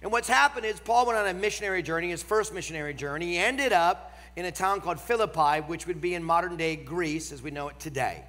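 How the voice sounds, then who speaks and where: Nasal man with a Northern American accent preaching in a large church; emphatic, slows on key lines, bright edge, reverberant hall. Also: high voice. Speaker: guest preacher. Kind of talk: sermon.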